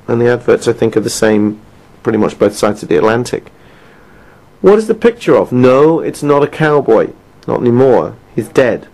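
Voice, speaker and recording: A man's voice: medium pitch, darkish tone, low-quality recording. A middle-aged British man from the United Kingdom giving a persuasive quit-smoking talk, asking the listener rhetorical questions. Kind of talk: recorded self-help talk.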